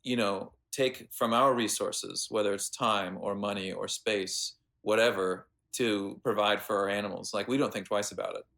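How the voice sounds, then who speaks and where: An American man, a veterinarian guest, telling animated stories in a casual interview with plenty of fillers. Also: on the low side, normal speed, vocal fry, few pauses. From United States. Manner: animated anecdotes with lots of fillers.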